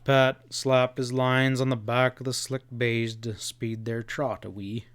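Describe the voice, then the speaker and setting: A man reading a western novel aloud as an audiobook narrator, in a steady storytelling read. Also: medium pitch, a little slow, smooth, dry recording. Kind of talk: scripted narration.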